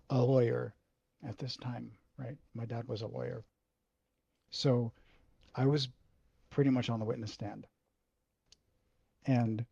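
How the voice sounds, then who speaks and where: A man with a husky, gravelly voice tells a personal story slowly, in halting, emotional bursts and with frequent swearing. The recording is dry and slightly dull. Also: medium pitch, a little mellow, dry recording. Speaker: video host.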